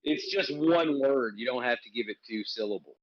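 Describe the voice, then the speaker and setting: A man's voice: mid-range voice, normal speed, no echo, dull audio. A man from Alabama with a Southern accent, hosting a casual livestream chat and teasing his co-host. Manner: joking, teasing banter.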